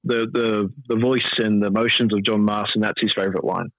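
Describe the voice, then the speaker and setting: A man's voice: fairly low pitch, steady tone, a little fast, no room sound, narrow, tinny audio. A man who is a wrestler and a podcast guest, chatting casually with lots of fillers, swearing and laughing. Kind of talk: casual interview chat.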